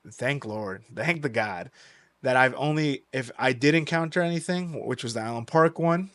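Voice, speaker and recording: A young man spins a story on a podcast, loose and animated, dropping swear words as he goes. His voice sits at an ordinary middle pitch. The recording is close and dry, with no room sound. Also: moderate pace, dry recording. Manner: animated, swears freely, acts out quoted voices. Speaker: podcast host. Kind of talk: casual storytelling.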